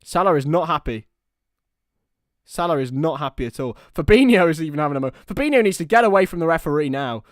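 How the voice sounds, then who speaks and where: A young man giving live partisan football commentary on a watchalong stream, excitable and prone to shouting. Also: a little high, fast talker, no echo, clean studio sound.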